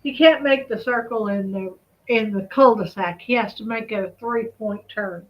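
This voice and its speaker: On a muffled recording, a woman with a somewhat high voice talks at a normal speed. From her cul-de-sac home, she hosts her vlog channel in a casual, chatty style, reading official wording aloud and wandering off to react to it.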